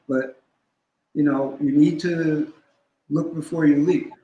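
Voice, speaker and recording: A man speaking as a guest scholar, explaining in a deliberate, instructive way and stopping to spell out terms. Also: fairly high pitch, steady tone, warm tone, echoey room, muffled recording. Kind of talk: teaching in a conversation.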